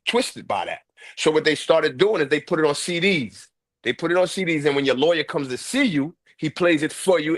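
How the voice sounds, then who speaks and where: A man's voice: fairly high pitch, no echo. A man with a New York accent telling a story in casual chat, with a harsh, aggressive way of talking. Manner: harsh, aggressive street talk. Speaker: host.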